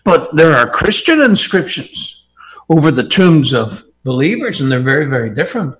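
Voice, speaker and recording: An Irish man preaching a sermon, impassioned and emphatic, swinging from quiet asides to soaring outbursts. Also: fairly high pitch, very animated, normal speed.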